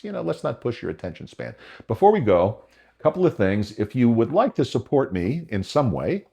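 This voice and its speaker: A man's voice: lowish voice, gravelly, darkish tone. An older man hosting a podcast, giving advice in a rambling, emphatic monologue with emotional asides. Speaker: podcast host.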